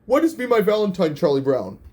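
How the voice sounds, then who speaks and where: A man's voice: high voice, big pitch swings, fairly quick, darkish tone. A man voicing a confident male game show contestant, answering plainly in a slightly raised voice.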